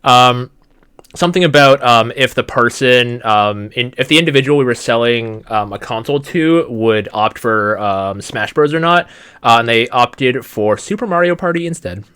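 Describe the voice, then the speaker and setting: A man's voice: medium pitch, expressive, moderate pace, fairly bright tone, clean tone. A young man from Canada hosting a casual podcast, chatty with lots of ums. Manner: chatty, many ums and restarts. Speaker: podcast host. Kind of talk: casual chat.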